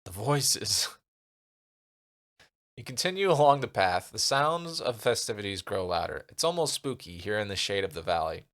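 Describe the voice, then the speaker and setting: A man's voice: lowish voice, lively intonation, moderate pace, a bit bright. A male streamer reading a gamebook aloud and muttering asides to himself as he decides what to do. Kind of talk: casual narration while playing a gamebook.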